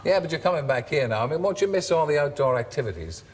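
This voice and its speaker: A man hosting a chat show, teasing his guest with quick jokes. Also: fairly high pitch, expressive. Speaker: talk show host. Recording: archive TV studio with hall echo and hiss.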